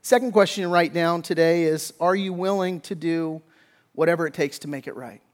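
A male pastor preaching a sermon emphatically, with frequent restarts, sometimes dropping to a hushed, soft voice. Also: fairly high pitch, moderate pace. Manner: emphatic preaching with many restarts, voicing biblical figures in quotes; drops to a hushed, soft voice in tender moments.

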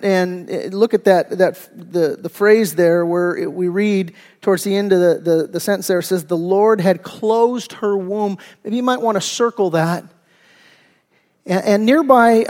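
A man's voice: high voice, normal speed, in a large hall. A middle-aged male pastor preaching a sermon in a church, talking conversationally, with frequent restarts and fillers. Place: church sanctuary.

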